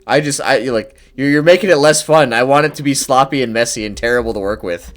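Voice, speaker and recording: A man's voice: mid-range voice, fast talker. A man acting as game master, describing scenes to the players in a playful, casual way. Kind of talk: narrating a tabletop game.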